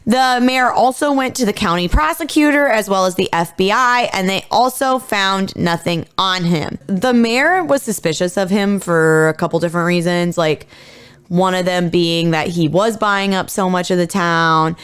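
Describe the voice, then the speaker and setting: A woman's voice: mid-range voice, moderate pace, fairly bright tone, smooth. A woman in her thirties co-hosting a podcast, telling a true-crime story in a chatty, casual way, full of fillers and casual swearing. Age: 30s. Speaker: podcast co-host.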